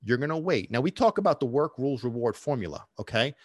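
A fast-talking man with a mid-range voice hosts a solo dog-training podcast, swearing bluntly and needling listeners with quizzes. His lively delivery leaps between loud and hushed, recorded dry at studio quality.

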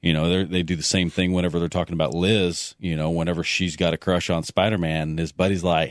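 A man chatting casually about a movie, retelling scenes with animated energy. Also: sits low, fast, few pauses, no room sound, clean studio sound. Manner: animated storyteller, acts out scenes. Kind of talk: casual movie discussion podcast.

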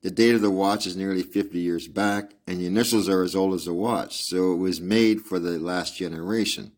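A man reading aloud as a brilliant, precise Victorian male detective, in a measured, lecturing manner. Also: deep voice, fairly even intonation, darkish tone, close to an everyday voice. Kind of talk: audiobook reading with asides.

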